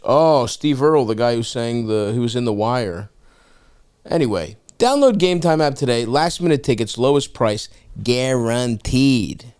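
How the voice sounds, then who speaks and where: A man's voice: mid-range voice, darkish tone, clear, resonant tone. Profane, jokey male podcast host. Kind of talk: casual chat and ad read.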